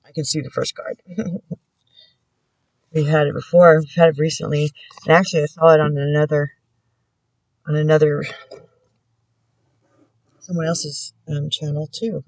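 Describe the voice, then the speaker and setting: A woman giving a casual spiritual tarot reading at home. She speaks gently and prayerfully, with many pauses and restarts. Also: low-pitched, flat delivery, no echo. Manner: halting and soft-spoken, many pauses and restarts. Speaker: tarot reader and spiritual channeler. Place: indoors at home.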